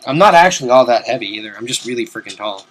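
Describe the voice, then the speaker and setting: A young man giving casual, rambling commentary over a video game from his desk at home, swearing now and then and breaking into loud outbursts. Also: medium pitch, animated, rapid-fire. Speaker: let's play commentator.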